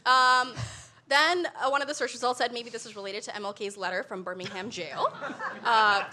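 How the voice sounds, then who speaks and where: A young adult woman delivering an animated comedic talk to a live audience, laughing often between lines. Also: fairly high pitch, normal speed. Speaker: comedy show guest.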